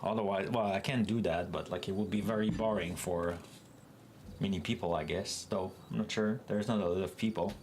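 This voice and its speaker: A man with a Quebec French accent, a native French speaker, chatting casually with live-stream viewers as a software developer while working through code. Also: sits low, steady tone, brisk, a little hiss or hum.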